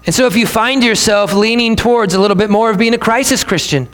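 A man preaching a sermon as pastor, emphatic, slowing down to repeat his key lines. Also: high-pitched, fairly bright tone. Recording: long hall reverb.

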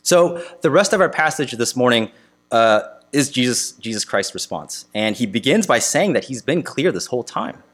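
A man preaching a sermon to his congregation, asking earnest rhetorical questions with emphatic pauses. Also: medium pitch, expressive, a bit bright. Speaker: pastor.

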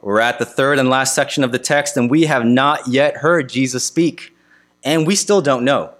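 A man preaching a sermon to his congregation, asking earnest rhetorical questions with emphatic pauses. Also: mid-range voice, a bit bright. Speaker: pastor.

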